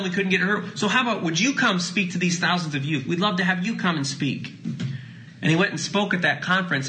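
Bright-voiced man preaching a sermon. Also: high-pitched, low-quality recording. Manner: dynamic preaching, drops to soft hushed phrases. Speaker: pastor.

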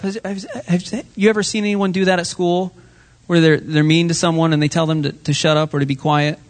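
A man giving a children's sermon in church, asking the kids friendly questions. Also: a little high. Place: church sanctuary.

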